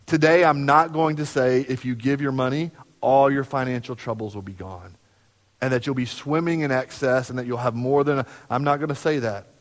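A man preaching a sermon as pastor, talking conversationally and acting out everyday dialogue. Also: fairly quick. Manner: conversational, acts out everyday dialogue with lively jumps in pitch. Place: church sanctuary. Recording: long hall reverb from the sanctuary.

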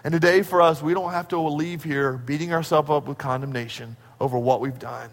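A man's voice: on the high side, fairly quick, few pauses. A man preaching a sermon in a church, building to moments of urgency. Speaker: pastor. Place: church sanctuary. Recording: long hall reverb.

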